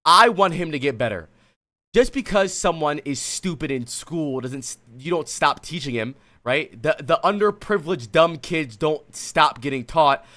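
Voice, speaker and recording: Live on stream, a man reviews a player's gameplay at normal speed in an expressive, high and bright voice. His coaching is blunt and exasperated, full of swearing, with breaks to chat with viewers mid-lecture.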